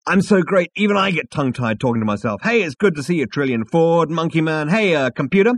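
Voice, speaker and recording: A brash, vain alien show-off, played by a male reader, who talks loud and high and full of himself. His voice bounces with lively, swaggering swings in a dry, close audiobook sound. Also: quick pace, no echo. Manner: loud, swaggering, self-admiring.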